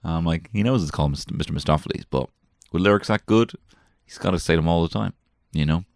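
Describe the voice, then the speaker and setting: A man with a very deep, gravelly voice, recorded close and dry. He rambles through a comic story, swearing freely and laughing at himself. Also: fast talker, no echo. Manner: swearing, self-mocking, jumps between put-on voices. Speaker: comedian podcast host. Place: small garden shed.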